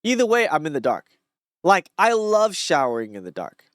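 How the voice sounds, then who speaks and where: A man's voice: on the high side, huge pitch swings, normal speed, fairly bright tone, no echo, studio quality. A man talking casually on his own, reading short thoughts aloud and musing on them in a rambling, reflective way. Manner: rambling, reflective, many fillers and restarts. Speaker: streamer.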